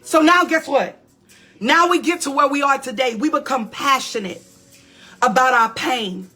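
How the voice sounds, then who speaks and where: A woman pastor gives a motivational talk in preaching style, her high voice ringing bright at a measured pace. She is emphatic and repetitive, hammering phrases and calling out to listeners.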